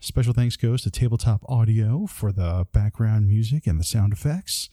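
A man hosting a tabletop gaming podcast, reading closing thanks in an earnest way with a few halting fillers. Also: fairly low pitch, warm tone, no room sound. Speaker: podcast host.

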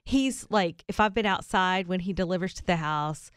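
A woman co-hosting a morning radio show, telling a funny story in casual chat, animated and often laughing as she acts out what people said. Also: lowish voice, moderate pace, clear, resonant tone, no echo, clean studio sound.

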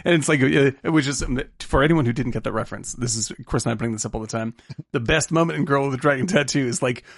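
A man talking films on a podcast with a slightly high, gravelly voice, close to the mic in a dry, dead room. He talks in a lively way and slips into quick impressions of the characters as he goes. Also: no echo. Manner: animated, acts out film characters in quick impressions, laughs often. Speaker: podcast co-host. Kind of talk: casual film discussion.

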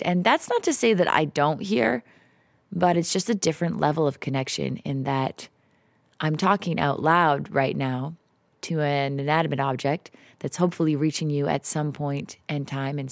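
A woman with a lowish voice records an unscripted solo podcast at home, talking in a raw, confessional way. She mocks herself and swears now and then. The sound is dry and close, with no room around it. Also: normal speed, vocal fry, no echo. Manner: confessional, emotional, swearing, self-mocking. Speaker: podcast host. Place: house in the woods, alone. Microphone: home setup, popping p's.

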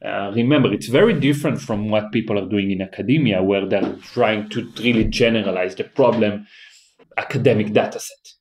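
Low-voiced man explaining, halting. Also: a little mellow. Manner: halting, repeats words, explanatory. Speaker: guest, AI company founder. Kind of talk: technical interview talk.

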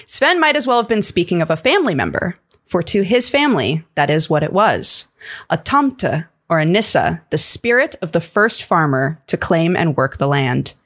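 A woman's voice: lowish voice, very animated, moderate pace, fairly bright tone. A woman guest on a podcast, narrating a story in a dramatic, playful way.

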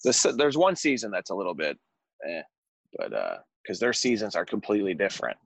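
A man's voice: on the low side, huge pitch swings, fairly quick, creaky, breathy edge, no echo. A man co-hosting a casual podcast with an American accent, joking and laughing often as he chats. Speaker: podcast co-host. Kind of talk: casual chat.

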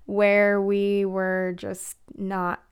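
A woman's voice: medium pitch, completely flat delivery, very slow, clean tone. A young woman hosting a podcast, talking casually and chattily with fillers and giggles, a bit out of breath. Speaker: podcast host. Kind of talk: casual solo podcast talk.

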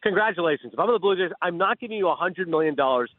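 A man's voice: sits high, rapid-fire, dry recording. A man calling in as a sports analyst guest on a radio show, talking animatedly and acting out imagined conversations over a phone line. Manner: animated, acts out imagined dialogue. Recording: tinny dry phone line.

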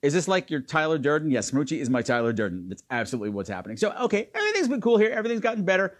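Male host, campy and teasing, high and very lively pitch. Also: very fast. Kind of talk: casual live-stream chat.

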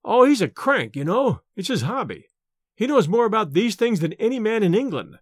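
A nervous young male student frets in a raised, agitated voice, as a man reading an audiobook puts him on. The voice sits high and leaps about in pitch. The recording is dry and close, with no room sound. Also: big pitch swings, moderate pace, no echo. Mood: fretful. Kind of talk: audiobook character voice.

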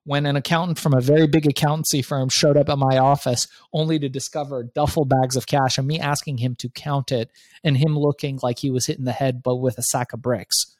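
A middle-aged man telling a lively story as an interview guest, acting out his own thoughts and swearing freely. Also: mid-range voice, brisk, no room sound. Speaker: guest entrepreneur. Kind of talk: animated storytelling in conversation.

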